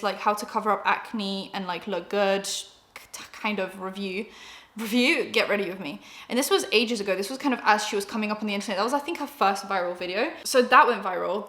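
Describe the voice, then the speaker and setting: Brit girl rambling fast, lots of likes and ums, kinda echoey room. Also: fairly high pitch, a bit bright. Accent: British. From Britain. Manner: chatty, rambling, lots of fillers. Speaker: beauty YouTuber. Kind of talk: casual commentary.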